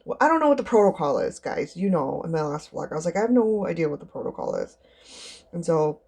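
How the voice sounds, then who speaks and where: Young female vlogger, gravelly low voice, rambling chatty delivery with squealed impressions. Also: wildly swooping pitch, fast, a little mellow. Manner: chatty, rambling, acts out others in high squeals. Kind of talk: casual storytelling vlog.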